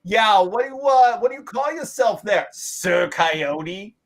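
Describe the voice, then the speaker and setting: A man's voice: extremely high pitch, slow pace, pitched above the performer's own voice. A man voicing a group of rowdy young men heckling from a distance. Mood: mocking. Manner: loud mocking heckling.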